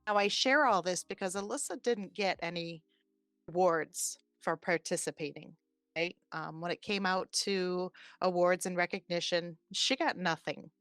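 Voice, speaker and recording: A woman in her forties, a podcast host, telling a personal story in an animated, chatty way. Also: fairly low pitch, moderate pace, smooth, no room sound, clean studio sound. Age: 40s. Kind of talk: casual storytelling chat.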